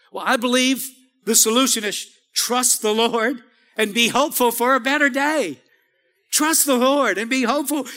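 A man with a very high, bright and forceful voice preaches a sermon. He calls out for responses and climbs to shouting peaks. The sound carries a long hall reverb from the church. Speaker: pastor. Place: church sanctuary.

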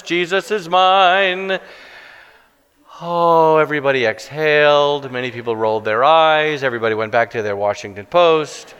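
A middle-aged man preaching a sermon with stories, self-deprecating and halting, with many restarts. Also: on the high side, fairly bright tone, clear, resonant tone. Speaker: guest preacher. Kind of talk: sermon with storytelling. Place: church sanctuary. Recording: long church reverb.

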